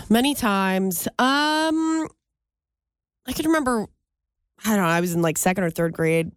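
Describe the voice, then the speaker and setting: A woman co-hosting a talk show, telling a story in casual chat and jumping into higher voices when she quotes people. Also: a little slow, smooth, dry recording. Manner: animated, jumps high when quoting people. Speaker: radio show co-host.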